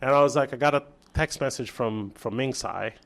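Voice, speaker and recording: A man from Brazil, a chef guest on an interview show, telling a story in casual chat with lively restarts and acted-out dialogue. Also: mid-range voice, brisk, vocal fry. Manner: animated storyteller, acts out quoted dialogue, many restarts.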